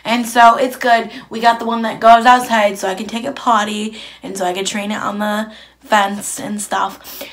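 A woman's voice: mid-range voice, fairly bright tone. Young woman vlogging, rambles and talks blunt, lots of ums and likes. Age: young adult. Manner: rambling, chatty, blunt, with many fillers. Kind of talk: casual chat to camera.

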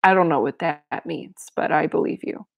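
Woman reading a novel and commenting, wry asides, lowish voice, dry close mic. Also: moderate pace, gravelly, no echo. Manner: wry asides and frequent laughs. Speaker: reader and commentator.

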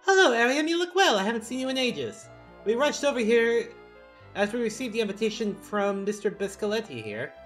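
A man's voice: extremely high pitch, big pitch swings, brisk, a bit bright, faint music behind, pitched above the performer's own voice, heavily acted. A man voicing a posh, teasing young prince in a game read-along, chummy and confiding. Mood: friendly.

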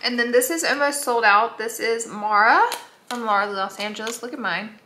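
A woman's voice: on the high side, normal speed, background noise. A woman in her thirties chatting candidly through her makeup routine in a casual vlog, with lots of "like", talking to the camera at home. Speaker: beauty vlogger. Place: home, getting ready at a mirror.

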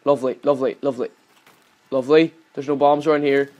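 A young man giving casual gameplay commentary as a channel host. He swears constantly and yells at the game whenever it goes wrong. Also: mid-range voice, little pitch movement, quick pace.

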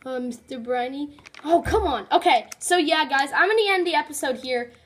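A high-pitched woman talks through her game in chatty, excitable commentary. She exclaims often and keeps a casual, running patter. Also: normal speed. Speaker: let's play host.

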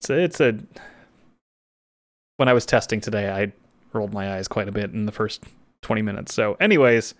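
A man's voice: on the low side, a little fast, pauses often, no room sound, studio quality. A man hosting a game stream, chatting casually and rambling with fillers as he wraps up the session. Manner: relaxed, rambling, with frequent fillers and laughs. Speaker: streamer host. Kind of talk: casual stream sign-off chat.

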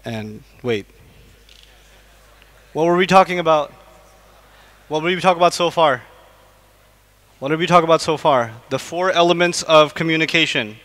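A man's voice: on the high side, normal speed, pauses often, fairly bright tone. A man giving a lecture to a live audience in a large mosque hall, quizzing the listeners with repeated questions. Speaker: Islamic lecturer. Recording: long echo of a mosque hall.

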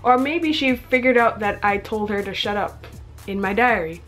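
A woman's voice: medium pitch, normal speed, a bit bright, faint music behind. A young woman reading her teenage diary aloud, breaking off for chatty, self-mocking asides and frequent giggles. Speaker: vlogger.

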